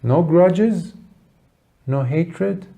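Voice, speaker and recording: A man giving a Buddhist dharma talk, telling a story earnestly with dramatic pauses. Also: on the high side, creaky, dark tone, highs cut off. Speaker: Buddhist teacher.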